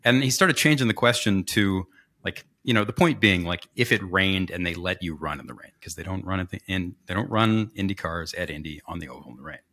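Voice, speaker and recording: A podcast co-host with a low, brisk voice tells a story in casual chat. He's animated, acting out what other people said and tossing in joking asides.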